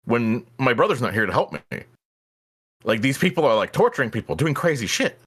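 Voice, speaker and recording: A crocodile god coming apart under the strain, rambling in a frantic rush, as a man tells the tale on a stream. His plain middle-pitched voice jumps around a great deal. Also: big pitch swings, a little fast, a bit bright, husky. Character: male crocodile god driven mad.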